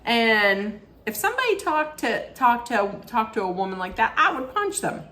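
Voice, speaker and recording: A middle-aged woman recapping a reality show in a casual, rambling way, often correcting herself mid-sentence and throwing in animated asides. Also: on the high side, normal speed. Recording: echoey room with faint ambience.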